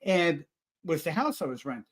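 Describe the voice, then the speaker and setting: A man telling a story in a casual chat, rambling and animated, full of restarts. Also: on the high side, normal speed. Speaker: paranormal investigator guest.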